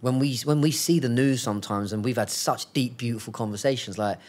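A man hosting a relaxed podcast chat, talking loosely and laughing often. He teases his guest and drops in "mate" and "bro" as he steers the conversation along. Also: medium pitch, fairly quick. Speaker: podcast host. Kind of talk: casual podcast interview. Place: lives in Thailand.

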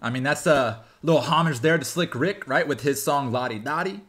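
A man hosting a music reaction video, reacting excitedly and explaining rap lyrics line by line with laughs. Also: a little high, fairly quick. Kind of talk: casual music reaction commentary.

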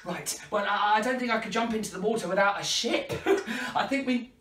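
A woman hosting a children's party show, playful and high-energy with lots of laughter. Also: brisk, very noisy. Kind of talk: lively children's show patter. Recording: echoey room, distant mic, faint music.

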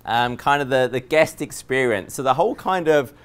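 An Englishman with an English accent giving a technical conference presentation to a live audience, joking and relaxed, with many fillers and restarts. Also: mid-range voice, moderate pace, clear, resonant tone. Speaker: conference speaker.

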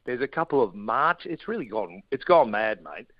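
A middle-aged Australian man speaks in an easygoing, joking way, spinning yarns as a radio guest. His voice comes over dry and close, with a slightly dull, muffled edge from his home setup in a shed. His pitch sits in an ordinary middle range. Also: big pitch swings, normal speed, no echo. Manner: laid-back, jokey storytelling. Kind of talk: casual chat.

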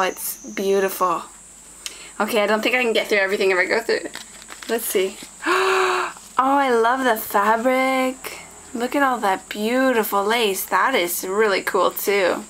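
Bright-voiced woman gushing over craft supplies, slow easy talk, faint hiss and paper crinkles behind. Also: mid-range voice, low-quality recording. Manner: gushing, excited, addresses viewers as guys. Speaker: scrapbooking vlogger. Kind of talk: casual unboxing chat.

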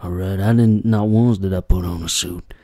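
A man's voice: low-pitched, fairly even intonation, normal speed, mellow, dry recording, studio quality. A man hosting a comedy reaction video, mock-dramatic and self-mocking, swearing freely. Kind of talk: jokey reaction commentary.

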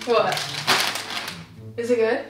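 Young woman, high voice, slow strained talk, noisy echoey room. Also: fairly even intonation, far from the mic. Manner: coughing, halting, strained speech. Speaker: vlogger faking a choking fit. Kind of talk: casual prank vlog.

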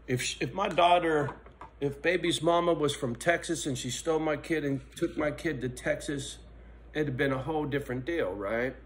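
A middle-aged man with a medium-pitched voice vlogs a blunt, profane personal monologue. He swings between angry ranting and quiet reflection.

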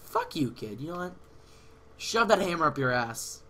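A teenage man commentating his own gameplay casually, excitable and swearing, with sudden yells at other players, on a headset mic. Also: fairly high pitch, normal speed, a little hiss or hum. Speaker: gaming channel host.

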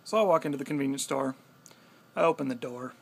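Gravelly man telling a story. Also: mid-range voice, fast talker. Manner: animated, swears freely. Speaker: vlogger. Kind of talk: casual storytelling.

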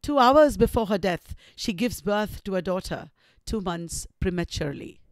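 A woman with an Indian English accent giving a recorded literature lecture, retelling the story slowly and deliberately. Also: medium pitch, lively intonation, no room sound.

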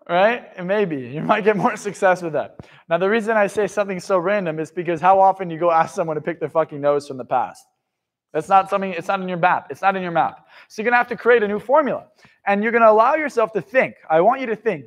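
A man giving a live motivational seminar talk to an audience, blunt and profane, swinging from loud outbursts to hushed asides. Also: sits high, fast. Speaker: motivational speaker.

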